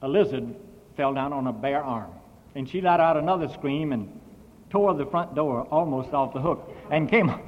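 Brief: male missionary preacher, fairly high voice, lively storytelling, dull old recording with long reverb. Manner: animated, big swings in volume and pitch. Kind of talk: sermon storytelling.

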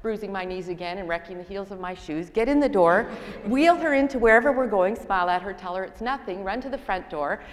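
A woman's voice: mid-range voice, animated, a little fast. An older woman giving a sermon, telling stories in a self-deprecating way. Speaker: speaker. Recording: long reverb in a large hall.

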